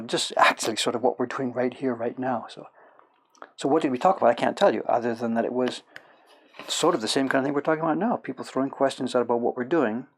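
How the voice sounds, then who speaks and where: A middle-aged man from Canada who talks in a gravelly, slightly husky voice. He chats casually with his stream audience while he works, telling long stories, circling back and correcting himself mid-sentence. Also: mid-range voice. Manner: rambling, self-correcting storyteller. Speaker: livestream host, woodblock printmaker. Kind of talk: casual chat while working.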